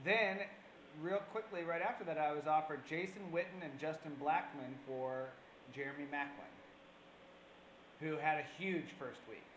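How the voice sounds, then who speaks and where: A man talks through his fantasy football trades in a loose, rambling way, with plenty of "um" and "uh." His voice sits a little higher than most men's. The room around him is echoey, and a faint hiss runs under the sound. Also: a bit bright. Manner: chatty, rambling with fillers. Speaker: fantasy football show co-host. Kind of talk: casual chat. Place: public access TV studio. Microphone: on camera.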